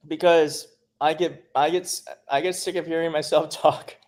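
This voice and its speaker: A man's voice: a little high, normal speed. Chatty man hosting a home livestream. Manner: chatty, laughs often, animated. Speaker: livestream host. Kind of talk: casual livestream chat reading viewer comments.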